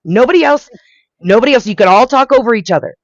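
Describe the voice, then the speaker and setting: A woman's voice: a little high, lively intonation, fast talker, no room sound, lo-fi sound. A woman moderating a heated online panel, firmly repeating her point. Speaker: stream co-host moderator.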